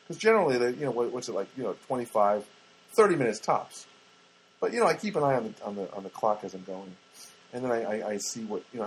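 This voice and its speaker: With a fairly high, slightly rough voice captured in poor audio, a man hosts a podcast. His monologue is a rambling string of comic stories, chatty and packed with asides as he keeps interrupting himself.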